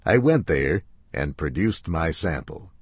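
A man reading a first-person story aloud in a slow, deliberate way. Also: extremely low pitch, sing-song, dry recording.

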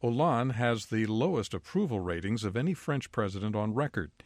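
A man reading a scripted world news bulletin as the anchor, in a measured, even newsreader delivery. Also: fairly low pitch, no room sound.

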